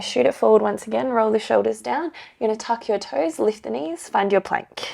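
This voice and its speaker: A woman's voice: on the high side, creaky, a little mellow. A young woman leading a pilates class, coaching and counting down the reps, slightly out of breath. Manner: upbeat counting and coaching, with light laughs. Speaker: pilates instructor. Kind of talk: workout instruction.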